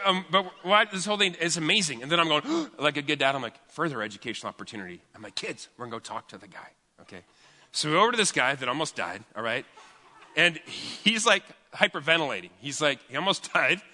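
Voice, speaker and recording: A man telling a story in a chatty, animated way as a pastor during a sermon. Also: a little high, fast. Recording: long hall reverb.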